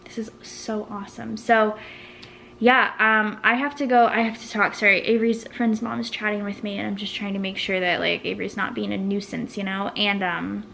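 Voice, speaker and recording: A woman, vlogging at home in a nervous, excitable, rambling way full of restarts. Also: mid-range voice, moderate pace, gravelly, slight background noise. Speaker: vlogger and small business owner. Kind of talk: casual vlog chat to camera.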